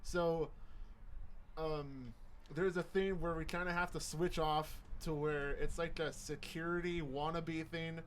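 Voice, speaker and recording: Young guy w a high voice telling a funny work story on a podcast, laughs a lot, bit of background noise. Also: measured pace. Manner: animated, laughs often while telling a story. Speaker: podcast co-host. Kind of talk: casual storytelling chat.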